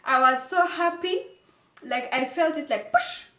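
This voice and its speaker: Animated young woman. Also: high-pitched, unhurried. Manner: animated, emphatic, addresses viewers directly. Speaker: vlogger. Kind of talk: casual storytelling to camera. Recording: echoey room, faint background noise.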